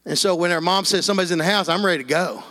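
A man's voice: high-pitched, rapid-fire, bright, forceful tone. A middle-aged man, preaching a sermon with personal testimony and peppering it with amens and hallelujahs.

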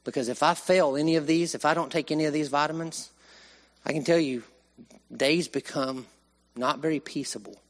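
A man preaching a sermon, swinging from raised emphasis to hushed, slow lines. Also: on the high side. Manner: animated, with sudden rises and hushed drops.

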